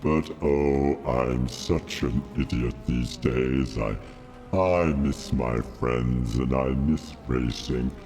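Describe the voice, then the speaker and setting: A man putting on the voice of a deep, menacing male space villain overlord, talking in a slow, brooding, theatrical way. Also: darkish tone, faint music behind, heavily acted.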